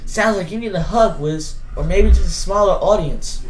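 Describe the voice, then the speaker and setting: A woman's voice: medium pitch, normal speed, lightly acted. A woman voicing a laid-back, teasing male friend in a comedy sketch. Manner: casual, teasing.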